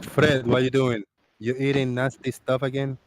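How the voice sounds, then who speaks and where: A man hosting a casual livestream chat, telling stories in an animated way and laughing often. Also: mid-range voice, moderate pace, very noisy. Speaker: livestream host.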